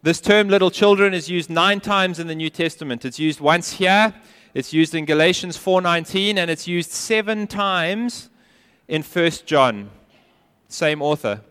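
Guy preaching a sermon, earnest, leans hard on his points, slightly high voice, echo rolling round a big hall. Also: unhurried, clean tone. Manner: earnest and emphatic, dropping to quiet intensity. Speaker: pastor. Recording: long hall reverb.

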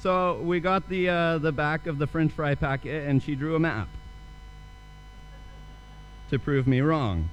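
A man's voice: on the high side, unhurried, pauses often, slight background noise, low-quality recording. Earnest young male preacher. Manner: storytelling, earnest preaching with rhetorical questions. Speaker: pastor. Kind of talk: sermon.

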